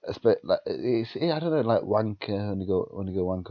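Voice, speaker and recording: A man's voice: fairly low pitch, lively intonation, a little fast, dry recording, lo-fi sound. A British man co-hosting a podcast in casual chat, rambling through sweary anecdotes with many restarts, and sounding tired. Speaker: podcast co-host.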